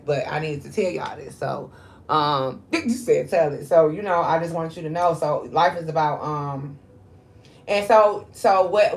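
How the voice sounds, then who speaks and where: Low-voiced woman talking candidly. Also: vocal fry. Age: 40s. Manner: candid and conversational, with frequent fillers. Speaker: spiritual reader. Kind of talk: casual spiritual monologue.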